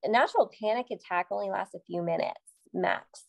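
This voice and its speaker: A Canadian woman, a psychotherapist guest on a podcast, explaining things calmly and steadily. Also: medium pitch, brisk, gravelly. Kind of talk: explanatory conversation.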